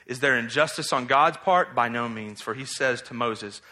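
A man preaching an expository sermon in a conversational, animated way, asking rhetorical questions. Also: mid-range voice, normal speed.

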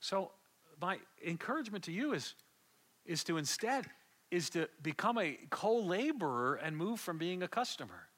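A man preaching a sermon, telling a story with passion and swinging from hushed to loud, often repeating words as he builds. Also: high-pitched, sing-song, normal speed.

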